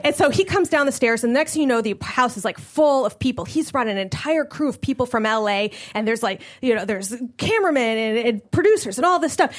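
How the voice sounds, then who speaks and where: A woman comedian with a high voice tells a story with animated energy, often breaking into laughter. She is performing at a live show. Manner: animated, laughing through the telling. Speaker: guest comedian.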